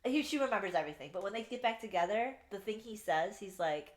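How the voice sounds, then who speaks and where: A young woman co-hosting a casual book review podcast, retelling scenes in an animated way, swearing freely and laughing at her favorite parts. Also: medium pitch, fast talker, few pauses. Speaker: podcast co-host. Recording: echoey room.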